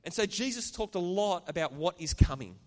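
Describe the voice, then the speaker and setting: Man preaching, slightly high voice, earnest, conversational, church hall reverb. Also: lively intonation, moderate pace. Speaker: pastor. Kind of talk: sermon.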